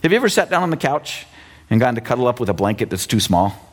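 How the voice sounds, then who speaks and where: Animated husky pastor in his fifties. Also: medium pitch, quick pace. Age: 50s. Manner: animated, conversational, teasing asides. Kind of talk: sermon.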